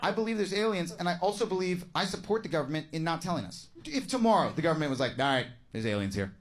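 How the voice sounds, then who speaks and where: A man doing a stand-up set, mocking and animated as he acts out voices. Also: high-pitched, fast. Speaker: stand-up comedian. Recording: loud club crowd.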